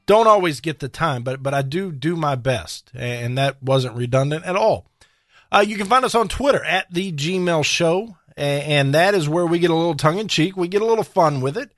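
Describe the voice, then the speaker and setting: A man's voice: on the high side, expressive, normal speed, fairly bright tone, dry recording, studio quality. A man hosting a political talk radio show, delivering emphatic, combative commentary with sarcastic asides.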